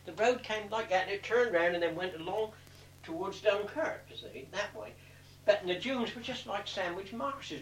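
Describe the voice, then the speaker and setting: A man's voice: on the high side, fairly bright tone, slight background noise. An older man, a war veteran, telling his memories in a rambling way, swearing freely and correcting himself as he goes. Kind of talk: oral history storytelling. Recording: roomy sound from a distant mic.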